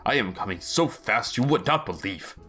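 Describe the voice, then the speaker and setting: An eager, simple-minded telepathic dog, voiced by a man in a tabletop game. He talks in short, halting, earnest sentences. The voice is low, with faint music underneath. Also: animated, sharp tone, slightly rough, full character voice.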